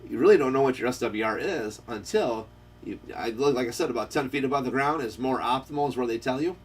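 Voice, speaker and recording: Husky-voiced man talking radio gear from afar. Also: medium pitch, fast. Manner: rambling, storytelling with quoted dialogue. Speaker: radio shop host. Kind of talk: casual chat about ham radio. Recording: voice picked up from a distance.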